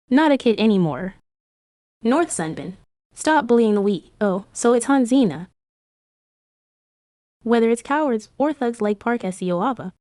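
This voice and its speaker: A woman narrating a manhwa recap voice-over, reading every character's lines in one steady voice. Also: fairly high pitch, no room sound, studio quality.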